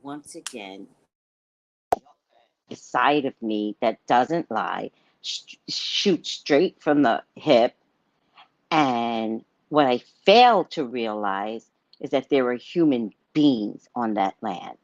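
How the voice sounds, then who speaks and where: A woman's voice: extremely low pitch, animated, takes it slowly, no room sound, muffled recording. A woman hosting a psychic livestream in a casual monologue, blunt and given to cursing. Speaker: psychic host of a live show.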